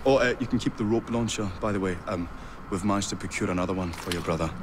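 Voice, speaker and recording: An actor playing a polite, earnest Victorian inventor in a video game, formal and a little hesitant, with street noise behind. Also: male voice, lowish voice, fast, natural voice. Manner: formal, courteous, slightly hesitant.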